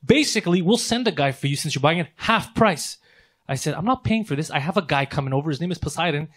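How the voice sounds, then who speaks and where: Brief: high, quick male storyteller, animated and profane, acts out the arguments. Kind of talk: casual storytelling chat.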